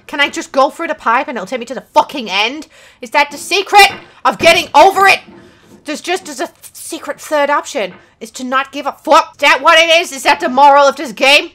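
A young woman giving frustrated gameplay commentary, swearing constantly and swinging between sarcasm and yelling. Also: sits high. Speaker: gaming channel host.

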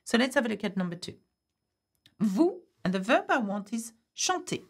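A woman's voice: fairly high pitch, very animated, normal speed. A woman teaching a French grammar lesson, patiently explaining step by step and often checking in with "okay?". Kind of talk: online language lesson.

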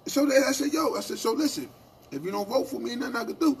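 A man co-hosting a union radio show, telling animated stories in casual talk and asking "right?" after his points. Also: extremely high pitch, quick pace, vocal fry, a little hiss or hum. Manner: animated storytelling, acting out quoted exchanges, repeated "right?".

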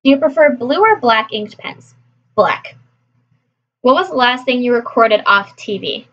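A woman from California chatting casually through a list of questions, answering briskly with frequent laughs. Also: on the high side, animated, fairly bright tone, highs cut off. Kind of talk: casual chat.

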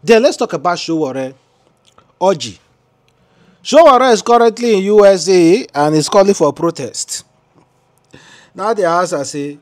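Chatty Nigerian Pidgin commentator. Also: male voice, high-pitched, expressive, a little slow, long pauses. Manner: chatty, rambling, with fillers. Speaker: commentary channel host. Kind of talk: news commentary.

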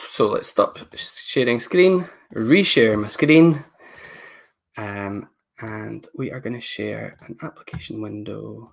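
A man's voice: fairly low pitch, slow, vocal fry, a little hiss or hum. A man leading a live online training session, talking casually and thinking aloud as he clicks through settings on a computer mic. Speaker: education technology presenter.

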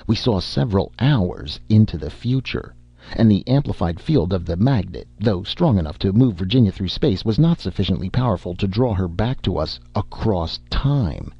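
A man's voice: low-pitched, lively intonation, moderate pace, vocal fry, warm tone, breathy edge, dry recording, lo-fi sound, full character voice. A man voicing an anxious, driven young male scientist who stammers when upset, in a storybook reading. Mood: excitedly explaining.

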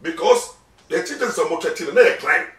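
The speaker is a lawyer with a Ghanaian accent, giving an animated interview in mixed Twi and English, emphatic and prone to repeating words. He's a fast talker with a slightly high, expressive, fairly bright voice, recorded at a distance in an echoey room.

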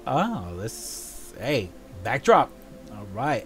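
A man hosts a laid-back show and chats his way through a list of items, joking and tossing in quick asides. He talks at an unhurried pace in a mid-range voice, with soft music playing under him. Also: mid-range voice, expressive. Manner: chatty, playful, drops into quick asides. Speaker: show host. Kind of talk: casual chat reviewing event items.

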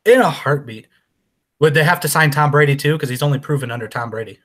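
Joking male sports podcast host. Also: on the high side. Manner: animated, joking, quick to laugh. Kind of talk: casual sports chat.

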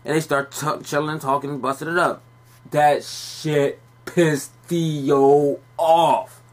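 A man's voice: a little high, level tone, takes it slowly. An actor playing a young man on a phone call who tells a rambling, profane story about a party night, defensive and streetwise. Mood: recounting. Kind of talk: scripted monologue.

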